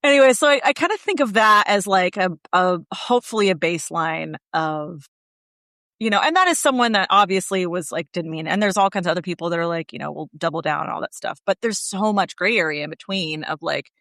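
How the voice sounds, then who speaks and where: A woman's voice: on the low side, lively intonation, brisk, fairly bright tone, dry recording, clean studio sound. A woman guest on a podcast, talking candidly and animatedly in casual conversation and swearing freely.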